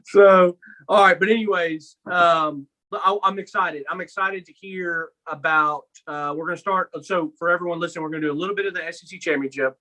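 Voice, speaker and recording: A young man co-hosting a casual sports podcast, telling stories in an animated way and acting out his own lines. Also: sits high, a little fast, rough recording. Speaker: podcast co-host.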